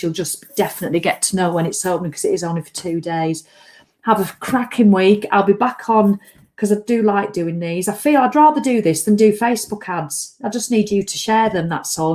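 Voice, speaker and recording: Chatty woman. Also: mid-range voice. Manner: chatty, lively, reads out comments. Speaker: livestream host. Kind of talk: casual live chat to viewers.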